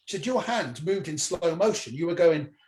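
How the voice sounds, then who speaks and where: A man, a stand-up comedian, telling a long personal story in an animated way, acting out the voices of the people in it and swearing freely. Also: fairly high pitch, moderate pace. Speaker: comedian guest. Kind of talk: anecdotal storytelling. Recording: echoey room with faint noise.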